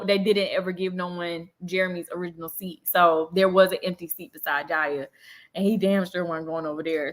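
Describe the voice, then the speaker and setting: A young woman tells a story straight to a phone camera on a live chat. Her voice is bright and forward, and she jumps into little acted-out quotes, slipping in plenty of fillers along the way. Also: mid-range voice. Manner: animated storytelling, acting out quotes, frequent fillers.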